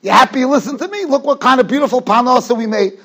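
Elderly wife, teasing and smug, played by a male lecturer; raised, very high voice. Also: quick pace, pushed and bright, full character voice. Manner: needling, pleased with herself. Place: yeshiva study hall.

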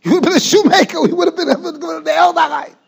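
Elderly wife, teasing and smug, played by a male lecturer; raised, very high voice. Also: racing, creaky, exaggerated voice. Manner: needling, pleased with herself. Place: yeshiva study hall.

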